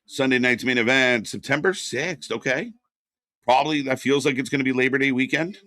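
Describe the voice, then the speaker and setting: A man co-hosting a live wrestling watch party, reacting and chatting casually, rambling with fillers and breaking into loud excited bursts. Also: medium pitch, a little fast, no echo.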